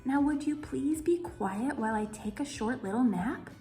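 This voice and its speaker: A woman's voice: on the high side, big pitch swings, normal speed, a little mellow, faint music behind. A woman voicing a lazy, sleepy male groundhog who grumbles, reading a picture book aloud. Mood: grumpy. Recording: roomy echo.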